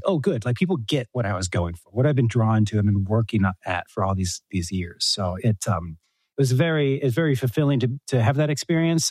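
A man's voice: medium pitch, darkish tone, no echo, rough recording. Earnest man talking about his film. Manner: earnest, emotional, many fillers and restarts. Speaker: documentary filmmaker, interview guest. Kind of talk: casual interview talk. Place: home room.

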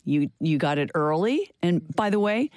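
A woman's voice: fairly low pitch, expressive, moderate pace, a little mellow, dry recording, clean studio sound. Older woman telling her story candidly. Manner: earnest, candid, with frequent fillers and restarts. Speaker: interview guest. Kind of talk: personal storytelling in an interview.

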